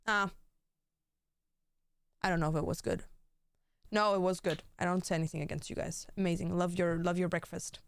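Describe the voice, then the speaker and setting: A woman's voice: on the low side, fairly even intonation, moderate pace, vocal fry, long pauses, smooth. A young woman streamer in casual stream chat, rambling and joking with crude language.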